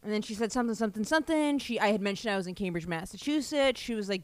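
A woman tells a comic story at a loose, rambling pace, swearing freely and leaning into animated asides. The recording is close and dry, with no room sound, and has the feel of a home podcast mic. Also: mid-range voice, quick pace, hardly any pauses, clean tone, no room sound.

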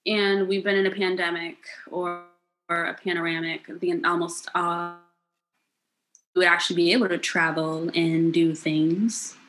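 A woman's voice: level tone, unhurried, a bit bright, poor audio. Playful, swearing young American woman. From United States. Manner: playful, swears freely, bursts into high-pitched outbursts. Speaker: podcast co-host. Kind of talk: casual chat.

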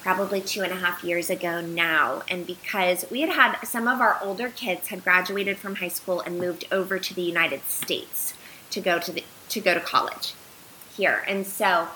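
A woman in her thirties, a podcast guest, shares a heartfelt personal story with animated earnestness, using lots of "um"s and "like"s. Her voice is on the low side but bright and forward, at normal speed, in a low-quality recording with faint hiss.

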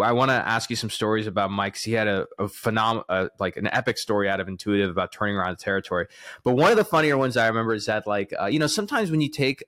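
Chatty Texan podcast host. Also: male voice, mid-range voice. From Texas. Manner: chatty, animated, laughs easily. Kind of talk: casual interview conversation.

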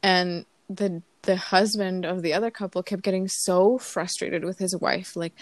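A woman's voice: lowish voice, steady tone, moderate pace, few pauses, no echo. A woman in her thirties whose first language is Spanish, chatting casually as a podcast co-host and rambling through stories with lots of fillers. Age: 30s. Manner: rambling storyteller with many fillers. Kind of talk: casual chat.

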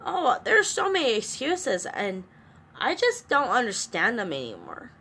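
A woman's voice: fairly high pitch, huge pitch swings, measured pace, sharp tone, husky. A middle-aged woman talking to her camera in an earnest, emotional, rambling way, with restarts. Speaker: vlogger. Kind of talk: personal vlog confiding about co-parenting struggles.

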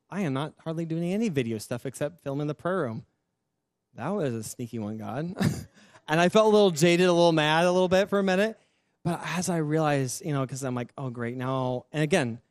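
A male pastor sharing his testimony in a sermon, telling it in a candid, self-mocking, animated way. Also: mid-range voice, dry recording, studio quality.

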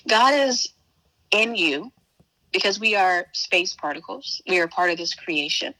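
A woman's voice: mid-range voice, expressive, unhurried, bright, forceful tone, low-quality recording. A woman from Chicago, a spiritual teacher chatting as an interview guest in an emphatic, folksy way, calling the listener baby and honey. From Chicago, USA. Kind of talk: casual interview chat.

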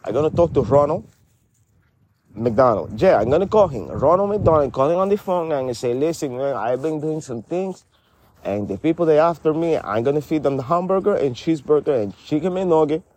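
A man's voice: a little high, lively intonation, normal speed, darkish tone. A man voicing a brash middle-aged character with a Spanish-inflected English accent who calls everyone honey and rambles in street slang. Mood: boastful. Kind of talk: comedy sketch dialogue.

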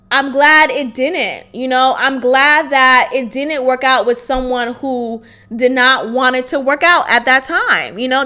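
Woman, late 20s, solo podcast host; high, bright voice; candid and casual, salty language, laughs easily. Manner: frank and casual, swearing freely and breaking into laughter.

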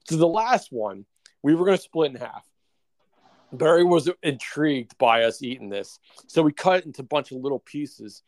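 A man's voice: fairly high pitch, animated, moderate pace, no room sound. A man co-hosting a podcast, telling a long story in casual chat, full of fillers and laughs. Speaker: podcast co-host.

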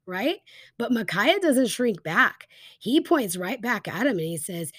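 A woman casually retelling a Bible story as a teacher, chatty and animated, with lots of fillers. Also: a little high, a little slow, dry recording, studio quality.

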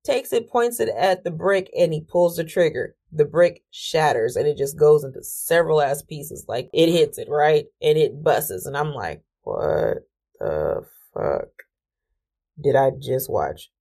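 A woman podcast host telling a story in a casual monologue, animated and exclamatory, cursing freely and talking herself down with deep breaths. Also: normal speed, hardly any pauses.

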